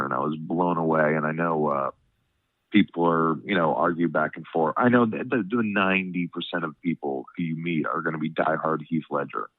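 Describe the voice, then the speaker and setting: A very deep-voiced man with a stuffed-up nose rambles through casual chat, filling every pause with "you know what I mean". He sounds tinny and phone-like, close and dry with no room around him. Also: no room sound. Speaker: podcast host.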